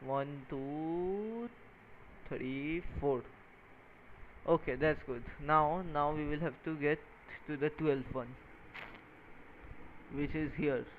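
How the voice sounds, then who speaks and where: A tired man talking casually while he codes and wires a small electronics project, halting and counting pins out loud. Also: on the high side. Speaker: maker coding a microcontroller project. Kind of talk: casual talk-through while working. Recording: tinny phone-like sound with faint noise.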